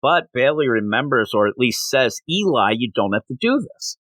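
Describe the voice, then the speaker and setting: Guy rambling through a comic recap on a podcast, dry close mic, gets animated and does little voices. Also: medium pitch, normal speed, dry recording. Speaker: comic review podcast host. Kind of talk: casual comic book review chat.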